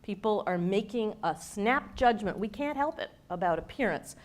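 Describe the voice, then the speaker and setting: A woman communications expert giving a workshop to a live audience in a playful, lively way. She asks the listeners questions and acts out the speech habits she describes. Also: mid-range voice, normal speed. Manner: demonstrates speech habits with her own voice.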